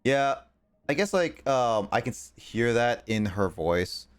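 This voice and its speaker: A man's voice: lowish voice, very animated, measured pace, clear, resonant tone. A male streamer chatting casually while playing a game, rambling with plenty of fillers. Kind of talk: casual chat while gaming.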